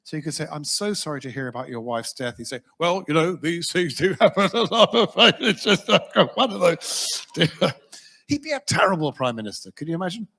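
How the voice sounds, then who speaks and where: A man's voice: fairly high pitch, big pitch swings, quick pace, a bit bright, heavily acted. A man impersonating a brash male populist politician who can't finish a sentence without laughing. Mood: chortling. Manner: keeps laughing mid-sentence.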